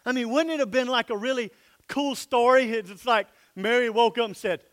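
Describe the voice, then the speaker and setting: A pastor preaching a sermon in a church, emphatic, sometimes dropping to soft, low asides. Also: male voice, fairly quick.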